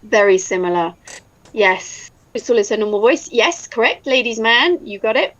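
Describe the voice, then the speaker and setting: A woman's voice: a little high, moderate pace, muffled recording, over a noisy crowd. An English woman in casual chat, talkative and laughing often, now and then swearing. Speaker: voice actor guest.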